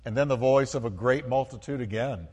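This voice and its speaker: A man preaching as pastor to his church, fervent, building to loud exclamations and calling the congregation to respond. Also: medium pitch, fairly quick, husky, in a large hall. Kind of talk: sermon. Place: church sanctuary.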